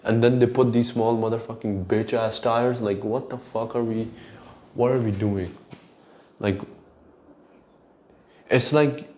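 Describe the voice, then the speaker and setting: A man's voice: mid-range voice, steady tone, measured pace, pauses often, a little mellow, slight background noise. A man hosting his own solo show, ranting in an exasperated, profane way. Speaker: podcast host. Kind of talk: solo rant.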